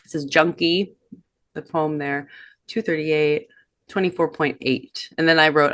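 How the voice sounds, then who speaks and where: A woman's voice: deep voice, unhurried, a bit bright, dry recording. A woman in her thirties co-hosting a podcast in casual chat, reflective and reading from old notes with many fillers. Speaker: podcast co-host.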